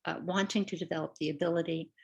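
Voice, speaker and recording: A woman's voice: on the low side, fairly even intonation, fast talker, gravelly, darkish tone, slightly rough, dull audio. An older woman, a literacy educator, giving a webinar lesson over a video call, chatty and checking in with her listeners often. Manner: conversational, checks in with "right?" and "all right". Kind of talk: webinar teaching presentation.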